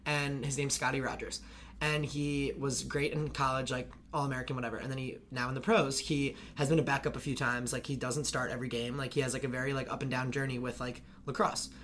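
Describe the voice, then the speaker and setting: A man's voice: medium pitch, level tone, fast, fairly bright tone, a little hiss or hum. A young man talking casually on a podcast, rambling and filling nearly every phrase with "like". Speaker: podcast guest.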